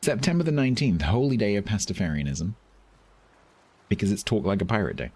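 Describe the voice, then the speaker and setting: Deep-voiced Southeast English man streaming. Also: animated, a little fast, darkish tone, slightly rough. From London. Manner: rambling, dry joking asides. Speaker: game streamer. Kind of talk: casual live-stream chat.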